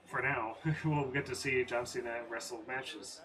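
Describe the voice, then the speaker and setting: A man's voice: mid-range voice, fairly even intonation, unhurried, a crowd in the background. A man with a stuffy, sick-sounding voice, chatting casually as he reacts live and reads viewer messages. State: stuffy from a cold. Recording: distant mic with clear background noise.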